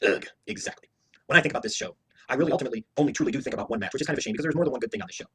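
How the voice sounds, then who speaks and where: A man's voice: medium pitch, very fast, sharp tone, breathy edge. A man giving a heated, profane, opinionated review rant as a wrestling show reviewer, hammering his points with emphatic repetition.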